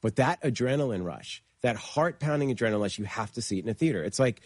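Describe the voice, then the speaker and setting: A man, a horror filmmaker and guest, telling animated stories in conversation and acting out the voices he quotes. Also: mid-range voice, no room sound. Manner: fast, excitable, acts out quoted voices. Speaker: horror film producer and director guest.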